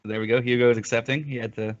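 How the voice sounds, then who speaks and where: Male streamer, average pitch, joking banter; dull lo-fi audio. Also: fairly even intonation, racing. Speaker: league commentator and player. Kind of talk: casual live stream commentary.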